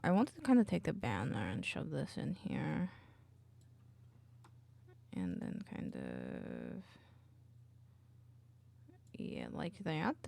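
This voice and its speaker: Woman streamer, casual chat in a jokey put-on accent; lively pitch, dry close sound. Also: vocal fry, no room sound. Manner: chatty, reads chat aloud while working; playing up a silly put-on accent.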